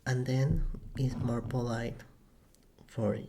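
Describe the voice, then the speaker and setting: A man giving a soft-spoken ASMR language lesson into a desk microphone, halting and correcting himself often, with soft laughs. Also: medium pitch, little pitch movement, slight background noise. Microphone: USB desk microphone.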